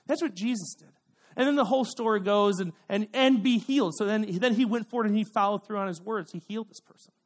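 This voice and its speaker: A young man preaching to a youth group in a chatty way, full of fillers and "okay?" asides, acting out quick voices for his examples. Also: sits high. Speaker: youth pastor. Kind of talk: sermon.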